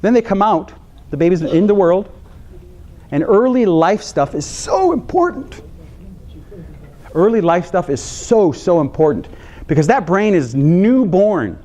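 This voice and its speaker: Male psychologist, lecture delivery, voice on the higher side, emphatic and repetitive. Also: measured pace. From United States. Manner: animated, repeats phrases for emphasis, jokes with the audience. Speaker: health psychologist giving a training talk. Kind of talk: conference lecture to counselors.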